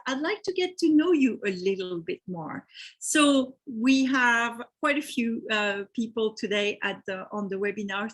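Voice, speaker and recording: A woman's voice: fairly high pitch, fairly bright tone, husky. A woman with a French accent hosting a live webinar, chatting with attendees and reading their names from the chat. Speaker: webinar host.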